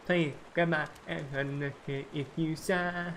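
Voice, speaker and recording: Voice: mid-range voice, normal speed, few pauses, fairly bright tone, slight background noise. A streamer thinking aloud during a casual writing stream, talking in loose, rambling sentences full of "like" and restarts. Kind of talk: casual live-stream chat while writing.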